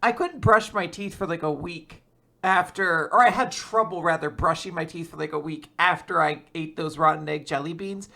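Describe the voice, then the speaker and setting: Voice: medium pitch, moderate pace, gravelly, bright, forceful tone. A podcast co-host chatting casually, rambling with many fillers and frequent laughs. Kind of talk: casual chat.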